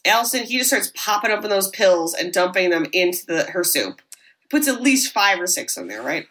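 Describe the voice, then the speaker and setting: Bright-voiced woman animatedly recapping a film. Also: lowish voice, fairly quick, rough recording. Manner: animated, acts out characters' lines, swears casually. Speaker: podcast co-host recapping a horror film. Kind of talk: casual chat, storytelling recap.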